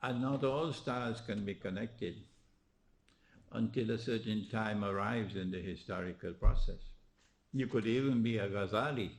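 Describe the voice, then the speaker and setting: A man giving a religious lecture, asking rhetorical questions, often tagging on "huh?" and chuckling at his own points, swinging between emphatic rises and low quiet stretches. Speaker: Islamic lecturer.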